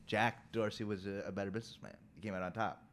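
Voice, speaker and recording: A man's voice: fairly low pitch, little pitch movement, fast, a bit bright, slight background noise. A man co-hosting a casual podcast, explaining insistently and repeating his point. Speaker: podcast co-host.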